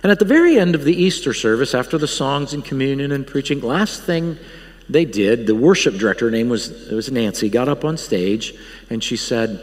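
A man's voice: mid-range voice, lively intonation, fairly quick. A man who leads a Bible college, preaching a guest sermon with earnest, emphatic appeals and frequent restarts. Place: church sanctuary. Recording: long church hall reverb.

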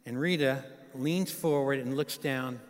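This fifties-aged guest pastor uses a medium pitch and a measured pace as he preaches, weaving a folksy story with warm asides to his listeners. Recorded live in a big church sanctuary, the audio has hall reverb and background noise.

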